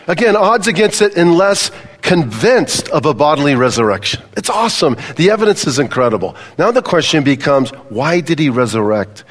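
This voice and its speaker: An older man preaching a sermon to a congregation, conversational and full of questions to the audience. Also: a little high. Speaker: pastor. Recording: long reverb of a large hall.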